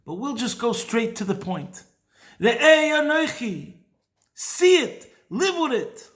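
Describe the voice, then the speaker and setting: A man giving a weekly Torah talk, telling a Chassidic story in a lively way and dropping in Hebrew and Yiddish words. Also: sits high. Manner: animated storyteller mixing in Hebrew and Yiddish terms. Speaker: teacher of Chassidic thought.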